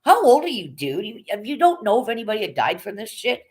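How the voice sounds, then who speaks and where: A shrill, overdramatic man rants in outraged disbelief, as a streamer mocks him. The voice jumps high and loud, yelling and exasperated. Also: big pitch swings, fast talker, lightly acted.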